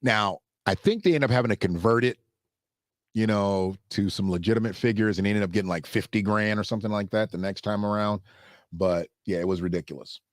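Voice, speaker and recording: A man hosting a casual solo commentary show, talking loosely and jumping into high mocking voices when he quotes others. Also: a little fast, no room sound, studio quality.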